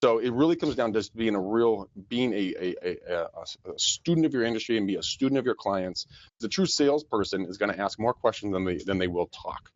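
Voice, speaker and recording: A man co-hosting a casual podcast, talking quickly and stumbling over repeated words. His voice sits fairly low and sounds dry, close and a little dull. He laughs easily between thoughts. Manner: fast, animated, laughing often, many repeated words. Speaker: podcast co-host, real estate agent.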